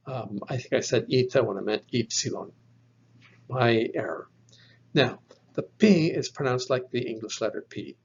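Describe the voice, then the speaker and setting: A man teaching biblical Greek in a slow, methodical lesson, spelling out letters one by one and correcting his own slips. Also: medium pitch, expressive, gravelly, breathy edge. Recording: dull lo-fi recording.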